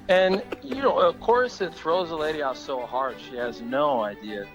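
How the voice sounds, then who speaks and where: A man's voice: mid-range voice, animated, normal speed, hardly any pauses, highs cut off, music in the background. A man calling in to tell a funny story, laughing as he goes and acting out the people in it. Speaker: caller. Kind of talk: animated storytelling.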